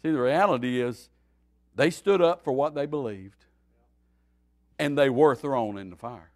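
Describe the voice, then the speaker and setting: A man, a pastor, teaching a Bible study in a folksy, animated preaching style that swings between loud and quiet. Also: mid-range voice, unhurried.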